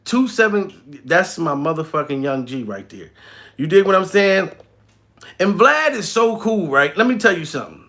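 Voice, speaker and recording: High gravelly comedian ranting. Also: male voice, moderate pace. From New York. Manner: animated, profane, laughing storyteller. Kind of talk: comedic vlog monologue.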